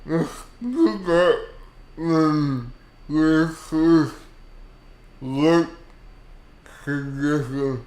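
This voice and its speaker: Male co-host, very slow, halting delivery, crude humor, echoey room. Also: fairly high pitch, darkish tone, slight background noise. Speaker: podcast co-host. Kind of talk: casual chat. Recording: roomy echo.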